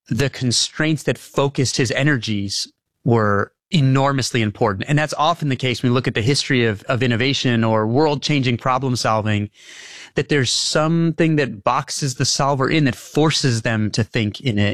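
A man's voice: mid-range voice, moderate pace, dry recording, clean studio sound. A man being interviewed as the author of a book, who explains his ideas earnestly and breaks into laughs between points. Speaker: author and guest.

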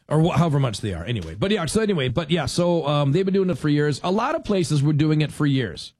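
Radio host, male, a bit high-pitched, wry and meandering, dry booth sound. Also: lively intonation, fast talker, darkish tone, breathy edge, no echo. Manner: rambling, sarcastic, with self-corrections. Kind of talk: casual radio talk.

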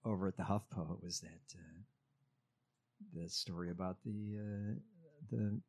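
A man's voice: low voice, steady tone, darkish tone. A man co-hosting a casual political chat podcast, reading headlines aloud with lots of ums and uhs. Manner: reads headlines aloud with filler-heavy pauses. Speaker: podcast co-host.

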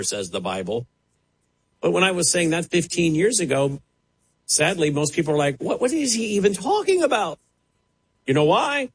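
Impassioned preacher man, husky and lively. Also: fairly high pitch, rough recording. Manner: impassioned, dramatic rises and drops. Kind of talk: televised sermon.

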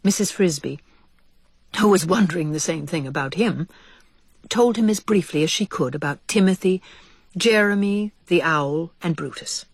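A woman narrating a children's storybook aloud, expressive and hushed in tense parts. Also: on the low side, moderate pace, slightly rough, dry recording. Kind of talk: storybook reading.

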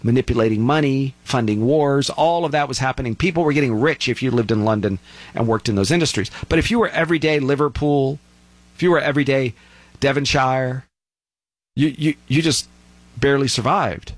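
Animated man telling a story. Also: a little fast, dry recording. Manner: animated storyteller, acts out quoted voices in high pitch. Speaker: speaker giving commentary. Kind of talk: casual talk.

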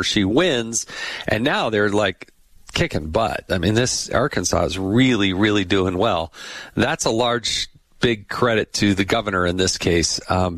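A man's voice: fairly low pitch, dry recording. Chatty middle-aged male podcast host. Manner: chatty, tells funny anecdotes with animated quoted voices. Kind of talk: casual political podcast chat.

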